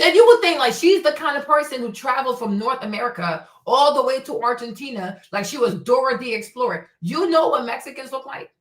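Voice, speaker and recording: A woman's voice: a little high, a bit bright, echoey room. A woman from Africa hosting a stream, ranting in a blunt, heated, profane way and repeating her points. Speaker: host. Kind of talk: livestream commentary rant.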